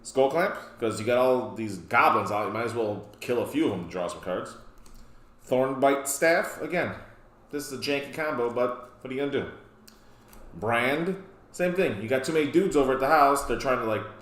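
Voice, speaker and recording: A man's voice: mid-range voice, lively intonation, normal speed, fairly bright tone. A man hosting a casual card game deck walkthrough, rambling with joking asides. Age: adult, past his youth. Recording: roomy echo.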